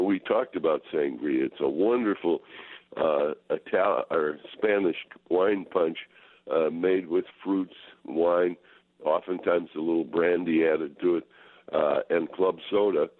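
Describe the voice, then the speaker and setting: A man hosting a relaxed, rambling radio talk about wine, with many fillers. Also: low voice. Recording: tinny phone-like radio audio.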